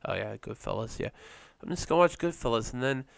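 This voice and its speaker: Gravelly and expressive, a medium-pitched man talks fast while co-hosting a podcast. His casual chat wanders, packed with fillers and restarts, and the audio has no room sound.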